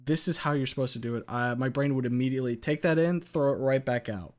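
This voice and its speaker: A hesitant, thoughtful man hosting a casual chat, talking at a mid pitch. He circles his points with many filler words and restarts. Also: fast talker, darkish tone. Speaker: podcast host.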